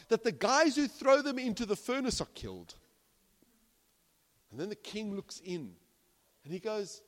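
Male pastor, higher voice, very lively delivery, preaching in a big echoing church hall. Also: unhurried, pauses often. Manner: animated, swings from hushed to loud, acts out quoted characters. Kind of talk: sermon. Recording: long reverb of a large hall.

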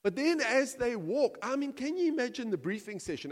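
A man preaching a sermon to his church, animated and humorous, acting out imagined voices and asides. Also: extremely high pitch, brisk, hardly any pauses, big-room sound. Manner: animated, acts out quoted voices, jokes with the congregation. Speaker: pastor.

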